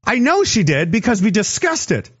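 A man with a high voice rambles sarcastically through a casual monologue. His pitch swings animatedly from line to line, and he swears and laughs freely. The recording sounds dull and lo-fi. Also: huge pitch swings, normal speed, fairly bright tone, breathy edge. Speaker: commentator.

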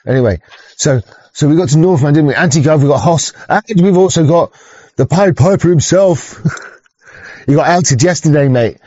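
A man's voice: on the high side, moderate pace, darkish tone, dry recording, muffled recording. A man hosting a rambling, casual livestream chat, swearing often, stumbling over restarts and chuckling as he greets viewers. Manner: sweary, stop-start, chuckling, greets chatters. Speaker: livestream host.

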